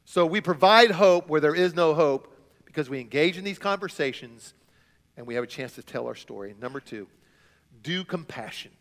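A man preaching a sermon as a student pastor, telling stories with big swings between quiet and loud. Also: fairly high pitch, animated, a little fast. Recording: long hall reverb.

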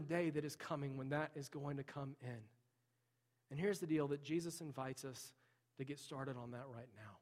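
A man's voice: mid-range voice, steady tone, normal speed, darkish tone. A man preaching a sermon, telling a story in an earnest, conversational way with frequent fillers. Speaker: pastor. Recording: long hall reverb.

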